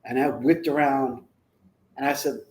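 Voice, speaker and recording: A middle-aged man in his forties tells a heartfelt family story on a talk show. His delivery is earnest and emphatic, with his voice jumping higher and louder when he presses a point. His pitch sits in an ordinary middle range for a man. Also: steady tone, unhurried, low-quality recording. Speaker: parent of the guest.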